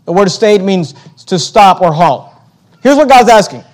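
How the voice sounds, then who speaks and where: A male pastor works through scripture in a sermon, his voice sitting unusually high for a man. He presses his points with rhetorical questions and tends to stumble over and repeat words mid-sentence. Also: expressive, measured pace. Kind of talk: expository sermon.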